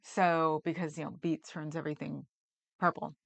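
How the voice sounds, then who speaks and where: A woman's voice: low voice, little pitch movement, normal speed, vocal fry. A woman hosting a livestream, chatting casually and rambling with frequent laughs. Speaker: livestream host. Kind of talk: casual chat reading comments.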